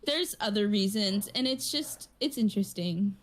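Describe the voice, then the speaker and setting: A woman's voice: mid-range voice, animated, normal speed. Woman co-host, casual rambling storyteller, heavy on fillers. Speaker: podcast co-host. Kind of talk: casual chat.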